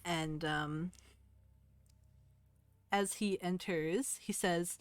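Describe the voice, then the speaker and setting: A woman narrating a tabletop game as game master, descriptive and relaxed. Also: on the low side, takes it slowly, long pauses, clean tone, no echo.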